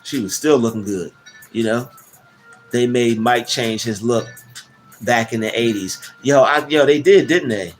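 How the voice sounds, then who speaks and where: A man's voice: medium pitch, unhurried. A man hosting a casual livestream, rambling with many restarts and slang fillers while reading the chat. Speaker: livestream host. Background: soft background music.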